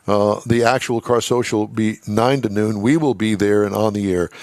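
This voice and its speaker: A man's voice: lowish voice, fairly even intonation, normal speed, darkish tone, no room sound. A man hosting a radio car show in casual on-air chat. He reads news items aloud and adds wry asides. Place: radio studio.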